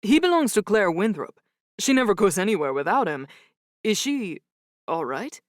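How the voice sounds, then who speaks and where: A woman voicing an excitable middle-aged male hotel manager with a gentle, soft voice and a giggly, eager way of talking. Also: high-pitched, normal speed, no echo, studio quality. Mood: concerned.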